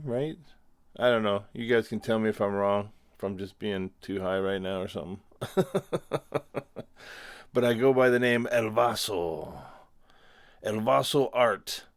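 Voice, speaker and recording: A man's voice: fairly low pitch, no echo. Rambling laid-back man podcasting solo. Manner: rambling, self-deprecating, laughs often. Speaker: podcast host. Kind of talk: casual solo podcast monologue.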